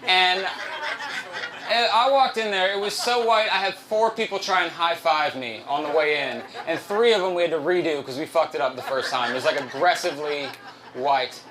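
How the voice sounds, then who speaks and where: A man's voice: a little high, normal speed, crowd noise, rough recording. A man doing a stand-up comedy set at a live venue, loose, profane and self-mocking, on a handheld stage mic.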